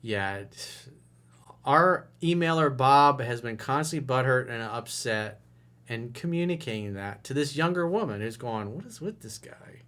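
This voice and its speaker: A man's voice: medium pitch, expressive, unhurried, fairly bright tone. A man working as a dating coach, reading out and commenting on a viewer's email in a blunt, profane and mocking way. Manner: laughs while reading.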